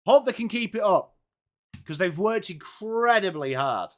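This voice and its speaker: A man hosting a live football watchalong, reacting excitedly and chatting with viewers by name. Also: high-pitched, measured pace. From England. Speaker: live-stream watchalong host. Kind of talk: live sports reaction and chat.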